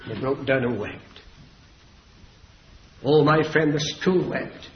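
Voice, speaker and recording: Fervent high-voiced preacher, echoey hall. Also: male voice, lively intonation, takes it slowly, pauses often. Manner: fervent, rises to shouts on key phrases. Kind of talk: sermon. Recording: dull echoey old hall recording.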